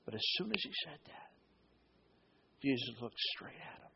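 A man's voice: medium pitch, huge pitch swings, normal speed, vocal fry, muffled recording, slight background noise. A man preaching a sermon as a pastor, telling the story dramatically and acting out the quotes.

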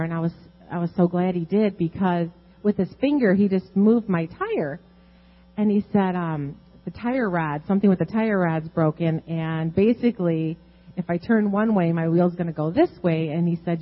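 A woman sharing a personal testimony at a church service on a handheld mic, halting with many ums, earnest and emotional. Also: on the low side, muffled recording. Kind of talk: unscripted testimony.

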